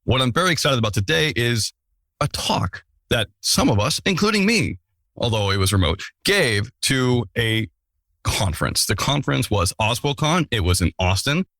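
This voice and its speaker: Podcast host, male, mid-pitch, joking asides, dry close mic. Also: big pitch swings, normal speed, fairly bright tone, dry recording. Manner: playful, self-mocking asides. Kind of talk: casual podcast intro.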